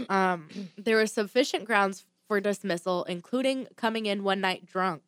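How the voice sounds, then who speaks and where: A woman's voice: medium pitch, a little slow, no echo. A woman tells a true crime story in a loose, chatty way. She reads through her notes, stumbles now and then, and drops in blunt, profane asides. The sound is dry and close. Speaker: podcast host telling a true crime story. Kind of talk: casual storytelling chat.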